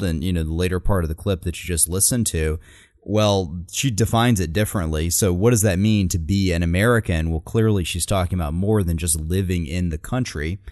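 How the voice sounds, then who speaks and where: Male co-host, animated analytical chat, low voice, dry close recording. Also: no room sound. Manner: animated, quotes speech lines with emphasis. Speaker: podcast co-host analyzing speeches.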